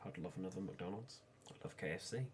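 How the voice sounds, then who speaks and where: Very deep-voiced young man. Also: quick pace, a little hiss or hum. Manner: short, easygoing interjections. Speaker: podcast host, son of the co-host. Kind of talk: casual chat.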